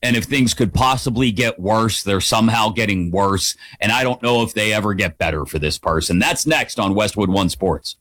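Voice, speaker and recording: A man hosting a sports radio show, talking through his opinions in an animated, conversational way. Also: lowish voice, moderate pace, hardly any pauses, no echo, clean studio sound. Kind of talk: opinionated sports talk monologue. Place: radio studio.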